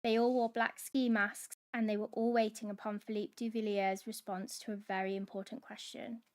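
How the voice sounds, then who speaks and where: A woman hosting a book club, reading a novel aloud in steady dramatic narration. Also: mid-range voice, moderate pace.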